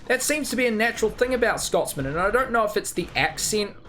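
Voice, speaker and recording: Lively New Zealand man streaming. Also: high voice, fast, slight background noise. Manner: rambling, joking, crude banter. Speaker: game streamer. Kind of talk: casual livestream chat.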